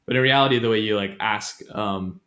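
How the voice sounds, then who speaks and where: A man's voice: on the low side, a little fast, bright, forceful tone. A man co-hosting a casual podcast, chatting his way through a language grammar lesson and often correcting himself mid-sentence. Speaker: podcast co-host.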